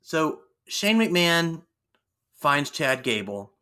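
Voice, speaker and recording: Lively, bright-voiced man hosting a podcast. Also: a little high. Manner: animated, jokey, quick asides. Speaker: podcast co-host. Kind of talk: casual wrestling recap chat.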